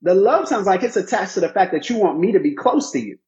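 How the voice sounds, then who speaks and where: A man co-hosting a conversational podcast, with a slightly high voice. He speaks emphatically, almost like a preacher, and repeats lines for weight. His audio sounds a little dull and lo-fi. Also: animated, fast, a little mellow.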